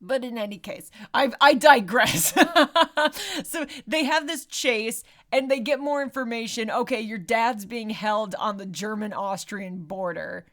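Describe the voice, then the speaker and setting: A woman co-hosting a podcast, telling the story of a movie in a casual, lively way, with swearing and frequent laughter. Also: on the high side, unhurried. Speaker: podcast co-host. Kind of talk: casual movie recap chat.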